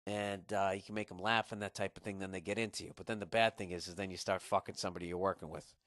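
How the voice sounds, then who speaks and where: A man's voice: low-pitched, steady tone, fast talker, a bit bright, dry recording, clean studio sound. A man in his forties hosting a podcast, giving blunt, profane advice in a rambling comic rant. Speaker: podcast host. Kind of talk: casual comedic advice rant.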